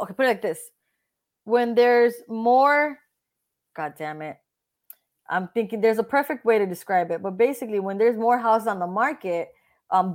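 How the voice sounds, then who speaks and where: A woman realtor talking casually in an interview, blunt and animated, often acting out what other people said. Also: medium pitch.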